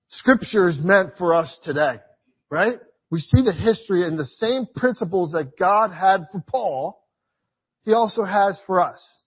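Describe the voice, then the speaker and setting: Husky-voiced man preaching a sermon. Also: a little high, highs cut off. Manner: emphatic, repeats phrases, shifts between loud and quiet.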